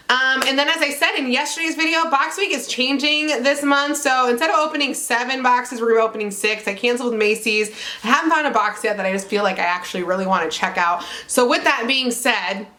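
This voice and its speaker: A young woman vlogging to camera, chatty and bubbly, with lots of "like" and excited squeals of "oh my God". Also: a little high. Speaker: beauty vlogger unboxing a subscription box. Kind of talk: casual chat to camera.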